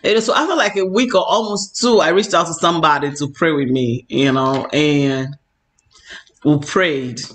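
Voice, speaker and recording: High-pitched male online preacher; earnest, rambling personal testimony. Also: fairly bright tone. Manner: earnest, repetitive, many "you know"s.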